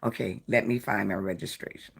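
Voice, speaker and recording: A woman's voice: very deep voice, fairly even intonation, fairly quick, creaky, husky. A tired woman hosting a live stream, chatting casually and rambling through a story while greeting viewers by name. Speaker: live-stream host of a jewelry design channel.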